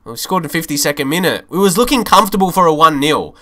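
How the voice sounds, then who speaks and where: Young man, game streamer, live commentary, animated, frustrated, bright voice, slightly high. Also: fast. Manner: animated, swings from hopeful to frustrated, swears. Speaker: streamer playing a football management game.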